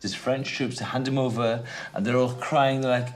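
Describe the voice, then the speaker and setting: A man comedian retelling history in a jokey, animated way, slipping into voices. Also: mid-range voice, normal speed, faint music behind. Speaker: comedian storyteller.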